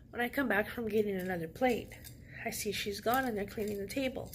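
A woman vlogger with a mid-range voice retells a story casually, sassy and packed with slang, sounding animated throughout. There's slight background noise.

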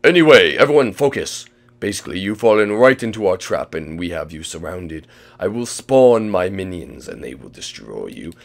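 A man's voice: deep voice, big pitch swings, vocal fry, heavily acted. A man playing a gloating, scheming villain. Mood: commanding. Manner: gloating, slow and theatrical, then frantic yelling. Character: smug scheming male villain with minions.

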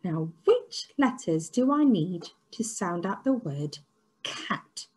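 An early years teacher, a woman with a lowish, husky voice, leads an online phonics lesson for young children. She sounds out letters slowly and praises them excitedly.

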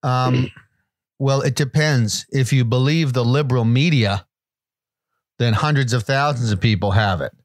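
A man co-hosting a comedy podcast, talking in a deadpan, mock-authoritative way. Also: mid-range voice, measured pace, no echo. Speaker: podcast co-host. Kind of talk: comedic casual chat.

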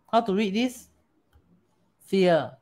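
A woman with a Singaporean accent teaching a lesson, animated, often asking rhetorical questions and switching languages. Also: mid-range voice, slow. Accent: Singaporean English. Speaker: teacher of Chinese metaphysics. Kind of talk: storytelling lesson.

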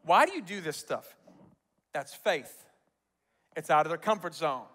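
A man's slightly high, unhurried voice carries through a large church auditorium as he preaches. He's the pastor, and he spins animated stories, performing the quotes and breaking into laughter often.

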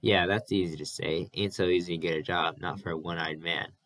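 A man's voice: low-pitched, steady tone, fairly quick, a bit bright, dry recording. A man voicing a self-pitying, whining one-eyed junkyard man in a storybook reading. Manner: whining, stumbling.

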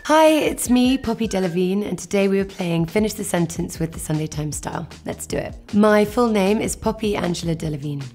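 An English actress in her thirties, answering quick-fire questions at home in a giggly, self-mocking, chatty way. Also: mid-range voice, lively intonation, darkish tone, faint music behind. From England. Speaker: actress interviewee. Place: at home indoors.

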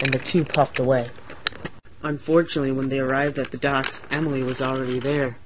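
A man narrating a homemade toy-train story in a plain, slightly hurried reading voice. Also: a little high.

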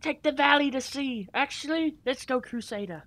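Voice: high-pitched, normal speed, fairly bright tone, no room sound. Young gamer slinging mock-British slang. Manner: jokey mock-British slang, bossy callouts. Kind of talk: casual gameplay banter.

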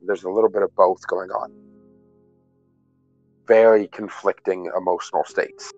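A man with a low voice runs a tabletop game as game master. He narrates dramatic scenes and often breaks into laughter. His voice comes through a dull, muffled voice-chat line. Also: little pitch movement, a little slow, a little mellow, faint music behind.

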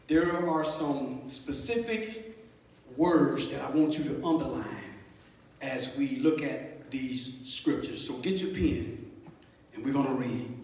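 A high-pitched male minister preaches slowly and deliberately, calling for amens and building to emphatic peaks. His voice rings through a large church with a long, echoing reverb. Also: recorded from a distance. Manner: call-and-response preaching, rising to emphatic emphasis. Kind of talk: sermon. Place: church sanctuary.

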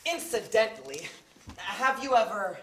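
A woman playing a calm, matter-of-fact male embassy official on stage, who lays out a plan. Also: mid-range voice, unhurried, a little hiss or hum. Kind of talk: stage play acting. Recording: echoey stage room.

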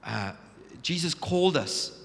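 A man's voice: on the high side, expressive, takes it slowly, creaky. Man preaching in a reverberant church. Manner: storytelling, acting out Bible scenes, many restarts. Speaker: pastor. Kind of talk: sermon. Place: large church hall. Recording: long church hall reverb.

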